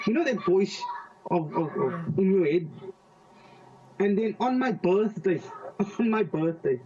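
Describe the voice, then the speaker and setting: High-voiced man telling a dream testimony. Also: expressive, mellow. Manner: halting, with frequent repeated words and restarts; slow and vivid when describing a dream. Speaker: interviewee giving a faith testimony. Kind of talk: personal testimony storytelling. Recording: slightly distant, dull lo-fi audio.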